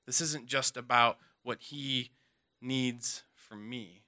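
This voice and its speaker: A man telling a personal story in an earnest, halting way, with many restarts, his voice dropping soft at emotional moments. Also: mid-range voice, steady tone.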